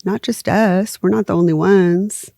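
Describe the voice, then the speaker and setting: A woman's voice: mid-range voice, steady tone, measured pace, gravelly, warm tone, dry recording, clean studio sound. A woman co-hosting a true crime podcast, chatting casually and laughing often. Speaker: podcast co-host. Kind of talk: casual chat.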